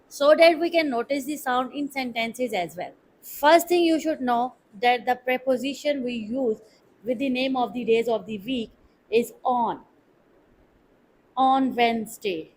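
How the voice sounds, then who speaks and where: A woman's voice: sits high, a little hiss or hum, low-quality recording. A woman teaching pronunciation, drilling words one at a time and repeating each syllable. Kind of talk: slow, deliberate pronunciation lesson.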